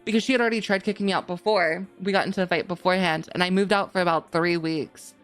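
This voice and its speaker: A woman's voice: lowish voice, steady tone, quick pace, soft background music. Young woman rambling through a story. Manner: rambling, many "like" fillers. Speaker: podcast co-host. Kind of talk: casual storytelling chat.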